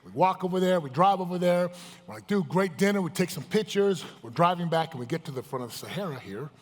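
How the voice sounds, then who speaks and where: A man's voice: fairly high pitch, animated, fast talker. Guy hyping up a seminar crowd, keeps firing questions at them, big echoey hall sound. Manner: emphatic, questions the crowd directly. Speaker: motivational speaker. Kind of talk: live seminar talk to an audience. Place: large event hall with live audience. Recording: echoey hall, live event.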